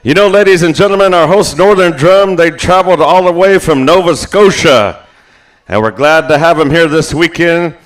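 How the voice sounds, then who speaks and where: A man's voice: a little high, normal speed. A man emceeing a powwow over the PA in an outdoor arena, joking between calls. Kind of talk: live arena announcing.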